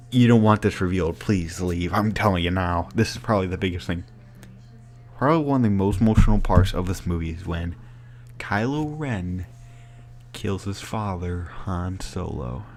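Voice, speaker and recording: A man giving a casual spoken movie review, excited and rambling with many filler words. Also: deep voice, a little hiss or hum.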